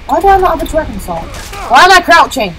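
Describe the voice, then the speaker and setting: A woman hosting a gaming channel, giving jokey, excitable let's-play commentary, yelling and chanting at the game as she plays. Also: high voice, fast talker, soft background music, rough recording. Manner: jokey, self-mocking.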